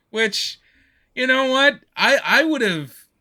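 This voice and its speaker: A man co-hosting a podcast, recapping a movie in animated, rambling casual chat with frequent laughs. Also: very high voice. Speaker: podcast co-host.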